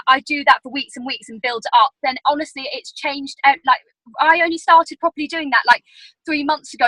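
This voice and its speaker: A woman's voice: high voice, pushed and bright, no echo, low-quality recording. A young woman on a video call giving a casual training talk, chatty and full of "like"s. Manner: chatty, filler-heavy storytelling with many "like"s. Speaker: team leader giving sales training.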